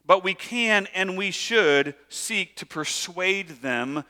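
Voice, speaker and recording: A man preaching a sermon in a casual, conversational way, acting out lively asides. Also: sits high, slow, big-room sound. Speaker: pastor.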